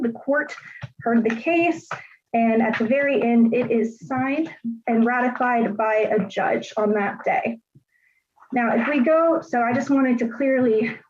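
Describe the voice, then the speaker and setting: A woman representing herself in a court hearing, politely and deliberately reading out legal filings and making her argument. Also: fairly high pitch, darkish tone, highs cut off. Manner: polite, deliberate, reads legal text aloud. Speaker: self-represented parent in court.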